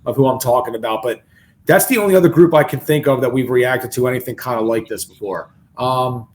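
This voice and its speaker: A man's voice: mid-range voice, a little fast, a little mellow. A man co-hosting a music reaction video, chatting casually and thinking aloud with many restarts. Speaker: reaction channel co-host. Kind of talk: casual chat reacting to a song.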